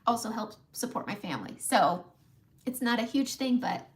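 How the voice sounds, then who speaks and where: A chatty middle-aged woman hosts a relaxed makeup livestream from home, with a voice pitched a little high. She talks viewers through each step, greets them by name, and laughs easily. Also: moderate pace. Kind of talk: casual live makeup tutorial.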